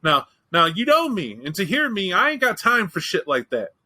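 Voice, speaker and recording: A man hosts a show in easy, casual chat. His voice is bright and forceful. He tells his story bluntly, swears freely and jokes as he goes. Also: high-pitched, wildly swooping pitch, moderate pace, poor audio. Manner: candid, profane, joking storyteller. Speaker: podcast host.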